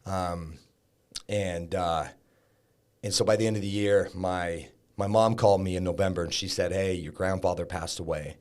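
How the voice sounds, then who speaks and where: A deep, low-pitched man speaks as a podcast guest. He tells his story candidly and casually, with plenty of likes and blunt language along the way. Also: fairly even intonation, moderate pace, a little mellow. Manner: frank, conversational, peppered with likes and profanity. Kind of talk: candid storytelling about recovery.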